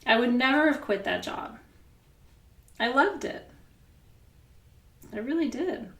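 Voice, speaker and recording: A middle-aged woman coaching a group in a loose, candid way, breaking into laughter and swearing as she tells a personal story. Her voice sits at a middling pitch. The room adds noticeable echo. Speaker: spiritual coach. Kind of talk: casual coaching session.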